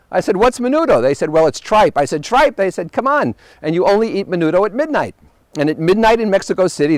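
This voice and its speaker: Male host, high animated voice, wry anecdotal travel monologue, dry close sound. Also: no echo. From United States. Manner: animated storyteller, wry punchlines.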